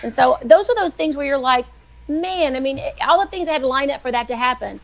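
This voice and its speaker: A middle-aged woman, a weekly guest who writes devotionals, telling faith stories in a chatty, animated way. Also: high-pitched, fast talker. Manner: chatty, animated, acts out quoted voices. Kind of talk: casual faith storytelling on a live show.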